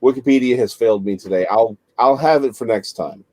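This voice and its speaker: A man co-hosting a casual chat, easygoing and halting as he searches for words. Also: mid-range voice, warm tone, dry recording. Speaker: co-host.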